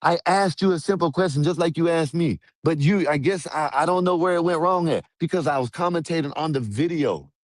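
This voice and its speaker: A man with a slightly high voice argues as a guest on a stream. He repeats himself, stumbles over words and stays defensive. His voice sounds dry and close. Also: fairly quick, hardly any pauses, no echo. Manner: repetitive, stammering, defensive. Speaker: panel guest on a live stream. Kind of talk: heated argument on a live stream.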